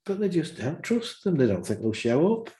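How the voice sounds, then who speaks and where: A man's voice: a little high, moderate pace. Guy chatting, acts out convos, roomy echo. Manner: animated, acts out dialogue in stories. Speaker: guest practitioner and trainer. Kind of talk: casual storytelling chat.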